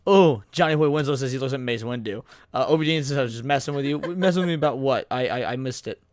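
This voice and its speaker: A man's voice: medium pitch, fast talker, no echo, clean studio sound. A man co-hosting a late-night stream, joking around and reading chat messages aloud with frequent stammered restarts. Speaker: VTuber co-host.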